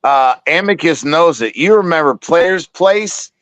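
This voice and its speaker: A man's voice: fairly high pitch, lively intonation, a little slow, a bit bright, no echo. A man from South Carolina ranting profanely in casual podcast chat. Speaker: podcast co-host.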